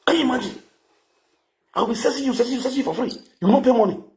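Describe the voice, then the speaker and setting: A man's voice: extremely high pitch, racing, darkish tone. A man with a Nigerian accent ranting to camera in a boastful, crude, mocking way, repeating his phrases. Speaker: vlogger.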